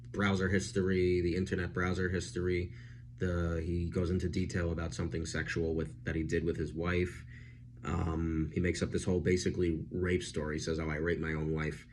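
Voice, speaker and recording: A man chatting casually as he reviews a film, animated and full of fillers. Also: sits low, slight background noise.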